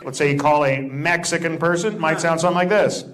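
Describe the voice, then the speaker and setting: A man's voice: on the high side, fairly even intonation, fairly quick, poor audio. A man doing a stand-up comedy set on a club stage, delivering dry one-liners and teasing the audience. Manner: crowd work, teasing the audience. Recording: loud noise over a live stage recording.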